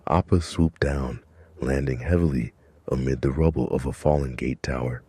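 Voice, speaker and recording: Brief: male storyteller, very low and dark, measured dramatic narration. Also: steady tone, husky, dry recording. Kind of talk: scripted narration.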